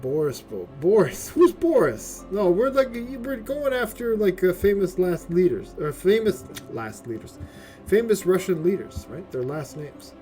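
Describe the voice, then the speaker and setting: A man's voice: high voice, big pitch swings, unhurried, warm tone. A man giving casual gameplay commentary as a streamer, chatty and profane, often tagging his lines with "right?". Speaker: game streamer. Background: game music.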